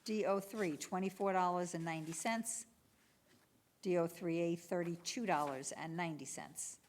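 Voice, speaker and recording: Reading out bid prices and item codes at a public bid opening, this woman works as a municipal clerk and sounds steady and businesslike. Her pitch is fairly low and her pace moderate.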